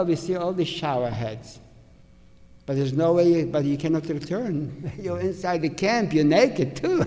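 A man's voice: on the high side, warm tone. Older man recalling, in a reverberant hall. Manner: halting, restarts, asks okay. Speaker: survivor giving testimony. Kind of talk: spoken recollection to an audience.

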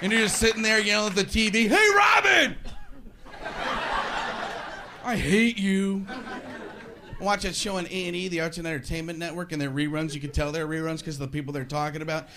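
A male stand-up comedian with a fairly high voice, ranting animatedly on stage. The sound is a live recording with noticeable background noise and room ambience. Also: level tone, quick pace, crowd noise.

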